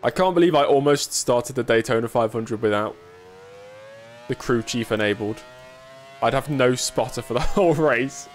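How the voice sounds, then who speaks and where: Casual male streamer, mid-pitched, dry self-mocking wit, chats with viewers while racing. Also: normal speed, slight background noise. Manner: chatty, answering viewers casually. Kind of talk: live gameplay commentary.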